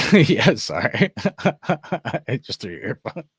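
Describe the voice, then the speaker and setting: A man's voice: medium pitch, big pitch swings, slow pace, slightly rough, no echo, clean studio sound. A young man hosting a fan show, rambling casually with lots of swearing, laughter and "bro" and "dude". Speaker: sports fan show host. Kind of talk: casual rant to viewers.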